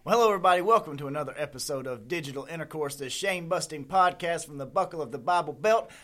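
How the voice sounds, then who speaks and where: A man's voice: a little high, fast, fairly bright tone. A man hosting a podcast in an easygoing, dry-joking manner. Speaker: podcast host. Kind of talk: casual podcast chat.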